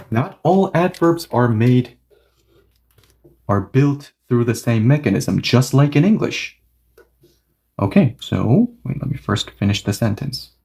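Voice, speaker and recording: A man's voice: mid-range voice, dark tone. A man teaching a grammar lesson in English, explaining rules patiently and often checking whether students follow. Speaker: Korean language teacher.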